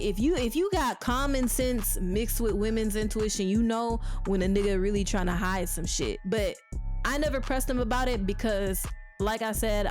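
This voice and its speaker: A young woman telling a storytime tale in a blunt, animated and profane way, with laughing asides. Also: mid-range voice. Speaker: vlogger. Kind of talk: casual storytime.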